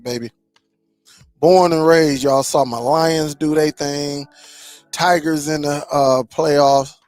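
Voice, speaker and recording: Guy hosting a live stream, gravelly voice, kinda high, dry close sound. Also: no echo. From Michigan. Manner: laid-back, greets viewers by name, slangy. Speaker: streaming channel host. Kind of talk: casual live-stream chat.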